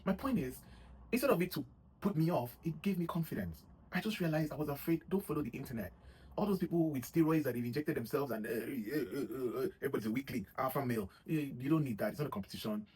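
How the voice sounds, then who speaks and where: Guy talking fast, casual pep talk to viewers, rambly with lots of asides. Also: mid-range voice, expressive, a little mellow, slight background noise, rough recording. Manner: rambling, full of "you know what I mean" asides. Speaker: vlogger giving gym advice. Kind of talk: casual motivational talk to camera.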